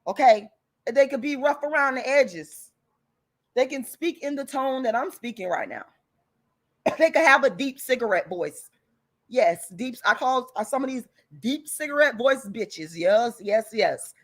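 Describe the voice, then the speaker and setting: A woman with a somewhat high voice rants to her livestream viewers. She is angry and blunt, and she swears freely. Her delivery is defiant and hammers every point home. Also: expressive, a little slow. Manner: angry, profane and emphatic; blunt and defiant, with repeated insults. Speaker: channel host. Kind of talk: heated livestream rant to viewers.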